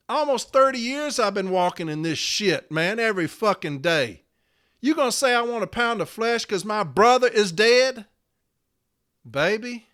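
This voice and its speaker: Furious, high-voiced man ranting. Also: sharp tone. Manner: furious, profane, confrontational. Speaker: podcast host and letter carrier. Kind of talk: angry rant.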